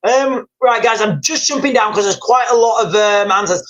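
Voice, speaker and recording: A man's voice: high-pitched, animated, moderate pace, hardly any pauses, a bit bright, rough recording. A British man hosting a live stream, talking through world events at length, often restarting sentences, calling his viewers "guys" and reading out their comments. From United Kingdom. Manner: rambling, repeats and restarts words, addresses viewers as guys.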